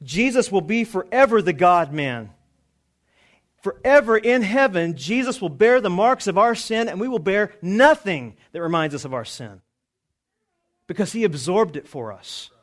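Man, pastor, sermon, high voice, emphatic preaching. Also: big pitch swings, moderate pace. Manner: emphatic preaching with swings from quiet to raised.

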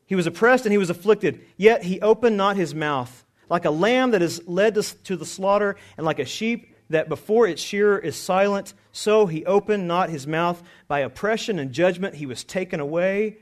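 A pastor preaching a sermon, reading scripture and driving points home, dropping low then rising with emphasis. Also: male voice. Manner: emphatic preaching with swings from quiet to raised.

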